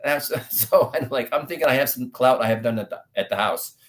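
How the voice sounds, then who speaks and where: A middle-aged man from the United States, an actor guest telling stories in an interview and acting out dialogue loudly. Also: mid-range voice, fairly quick. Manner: animated storyteller, acts out dialogue loudly. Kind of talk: storytelling interview talk.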